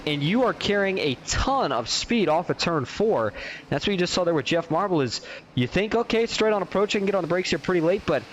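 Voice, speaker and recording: A man commenting on a simulated car race, play-by-play, with quick excited bursts whenever the action picks up. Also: a little high, background noise. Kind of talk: sim racing play-by-play commentary.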